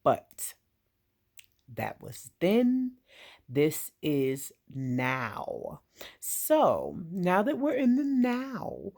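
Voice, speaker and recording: A woman and veteran speaking straight to the viewer, giving direct, emphatic advice in an earnest monologue. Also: sits low. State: getting emotional.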